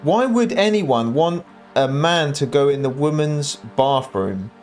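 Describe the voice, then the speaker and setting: A man's voice: a little high, expressive, unhurried, darkish tone, faint music behind. A man hosting a reaction channel, talking over clips in an exasperated, mocking tone.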